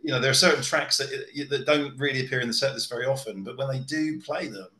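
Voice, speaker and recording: A man's voice: medium pitch, fast, bright, forceful tone. A man chatting casually as a podcast guest, hesitant, with lots of restarts and ums. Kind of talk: casual chat. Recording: echoey room.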